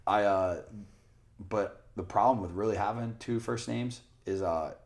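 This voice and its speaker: A man's voice: fairly low pitch, unhurried. A young man co-hosting a podcast, telling rambling stories in casual chat, swearing often and acting out what others said. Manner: rambling storyteller, swears a lot, acts out quotes. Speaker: podcast co-host.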